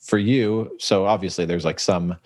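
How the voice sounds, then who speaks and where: Laughing male podcast host, low voice. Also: fairly even intonation, moderate pace, darkish tone, dry recording. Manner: laughs often, asks follow-up questions. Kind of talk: casual interview chat.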